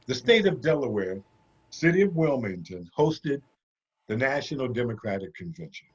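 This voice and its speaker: A man's voice: medium pitch, very animated, normal speed, slightly rough. A man co-hosting a casual interview, asking questions with encouraging, affirming interjections. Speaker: co-host. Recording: dull, lo-fi sound.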